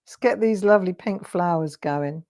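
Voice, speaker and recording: A woman's voice: fairly low pitch, normal speed, darkish tone. An English woman hosting a live crafting show, telling rambling anecdotes and laughing often. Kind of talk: chatty storytelling while crafting.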